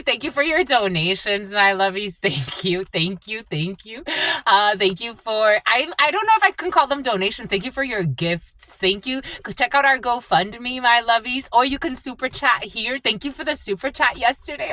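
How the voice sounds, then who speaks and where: A woman doing a live spiritual channeling reading, at times gushing and laughing, at times dropping into low, prayerful thanks. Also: normal speed, noisy background. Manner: animated, laughs often, shifts between gushing and low prayerful tones.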